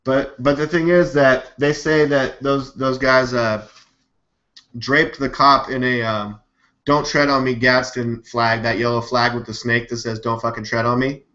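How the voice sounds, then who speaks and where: A man runs his own live news stream in loose, rambling commentary, skeptical and quick to swear. His voice has a bright, sharp edge. The audio sounds dull and lo-fi, like a cheap webcam mic. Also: medium pitch, little pitch movement. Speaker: live news show host.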